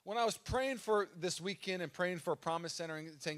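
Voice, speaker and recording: A man's voice: sits high, brisk, hardly any pauses, fairly bright tone. A man preaching a sermon as pastor at a live church service, telling a story in a casual way with fillers.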